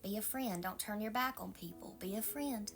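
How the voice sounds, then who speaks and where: A woman pastor with a Southern accent, giving a calm, maternal devotional sermon and often dropping into a soft whisper. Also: medium pitch, normal speed, over music.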